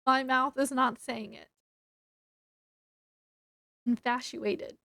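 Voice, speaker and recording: High, unhurried young woman retelling a novel. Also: fairly even intonation, gravelly, sharp tone, no room sound. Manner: chatty, laughs often, many fillers. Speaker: book reviewer. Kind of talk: casual book review retelling the plot.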